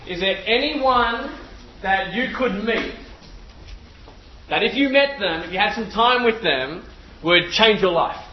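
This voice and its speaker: An Australian man in his forties delivers a sermon in a fairly high voice. He tells stories with bursts of excitement and swings between hushed prayer and lively talk. The sound is echoey and a little dull, as if picked up in a big room. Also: unhurried, recorded from a distance, a little hiss or hum. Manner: excitable, animated storyteller. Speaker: preacher. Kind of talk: sermon with storytelling. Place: room with a live audience.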